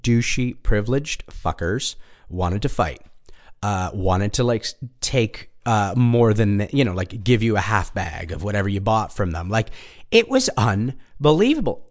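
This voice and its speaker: A man telling personal stories in a loose, rambling monologue, full of fillers, asides and swearing. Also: mid-range voice. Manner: rambling, animated, many fillers and asides, profane. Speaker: storyteller. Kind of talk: casual storytelling monologue.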